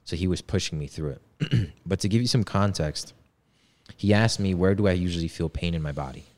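Deep-voiced young man, laid-back storytelling. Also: fairly quick, darkish tone. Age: 20s. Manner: laid-back slangy talk. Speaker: podcast guest. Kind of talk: casual storytelling.

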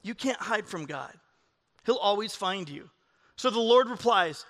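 A middle-aged man, a pastor, preaching a sermon with animated, jokey storytelling. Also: sits high, measured pace, in a large hall.

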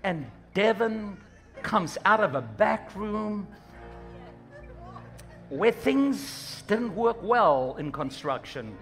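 A man preaching a sermon, animated and humorous, acting out little scenes as he goes. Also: sits high, drawn-out words, pauses often, faint music behind. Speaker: pastor.

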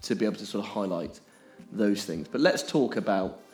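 Emphatic man, lowish voice. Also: animated, a little fast, darkish tone, soft background music. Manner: emphatic, keeps checking in with "okay?". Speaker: podcast co-host. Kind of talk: explanatory podcast chat.

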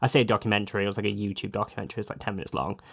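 A man co-hosting a podcast, rambling through stories in casual chat and restarting often, his voice jumping up when he gets excited. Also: lowish voice, rapid-fire, vocal fry. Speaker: podcast co-host.

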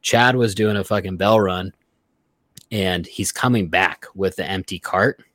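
A man telling workplace stories in a casual, profane, animated way. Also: deep voice, unhurried, no echo. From Reno area, Nevada. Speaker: podcast guest. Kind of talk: casual storytelling.

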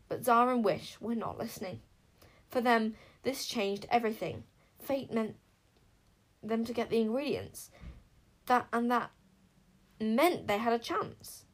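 A woman's voice: fairly high pitch, measured pace, rough recording. Woman reading a children's book aloud. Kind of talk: audiobook narration.

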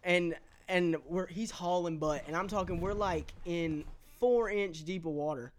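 A young man excitedly telling a story among friends, halting and piling on details. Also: high-pitched, a little hiss or hum.

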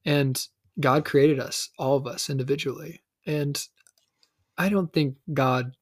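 A woman's voice: deep voice, steady tone, a little slow, breathy edge, no room sound, studio quality. Teasing, encouraging woman podcast host. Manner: teasing, encouraging big-sister tone. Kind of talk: casual faith podcast chat.

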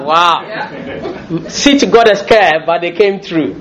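A middle-aged man preaching a sermon in a lively, jokey way, often laughing as he speaks. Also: sits high, takes it slowly, a crowd in the background, low-quality recording.

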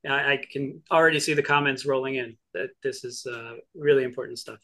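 A man hosting a podcast, asking long, meandering questions in a halting way. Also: mid-range voice, fairly even intonation, over a noisy crowd. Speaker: podcast host. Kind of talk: casual interview chat.

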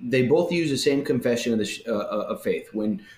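A man in a casual religious discussion who talks in an animated way and acts out the voices he quotes. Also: medium pitch, a little fast. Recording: roomy echo.

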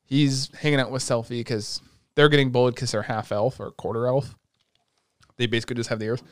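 A young man hosting a casual chat, retelling an anime with lots of swearing and excitable energy. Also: mid-range voice, brisk, no room sound, clean studio sound. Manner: profane, excitable storytelling.

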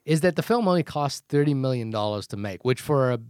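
A man's voice: mid-range voice, expressive, brisk, a little mellow, clear, resonant tone, dry recording, studio quality. A man with a New Zealand accent co-hosting a casual movie podcast, laughing often and talking in restarts. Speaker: podcast co-host.

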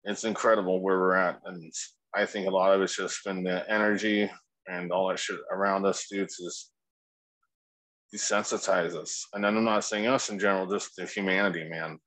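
A man's voice: low-pitched, fairly bright tone, dry recording, poor audio. A man co-hosting a casual podcast, laid-back and rambling, swearing freely. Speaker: podcast co-host.

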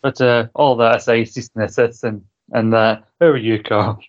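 A man co-hosts a podcast in loose, rambling chat, laughing often and swearing casually. His delivery stays flat and even in pitch. The sound is a touch dull and lo-fi. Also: moderate pace. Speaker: podcast co-host. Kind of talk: casual chat about a TV show.

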